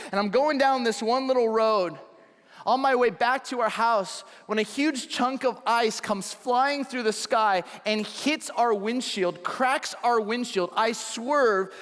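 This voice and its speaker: A man in his thirties preaching a sermon, acting out his own story with lively shouts and hushed asides. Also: extremely high pitch. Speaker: pastor. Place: large church hall. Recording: long church hall reverb.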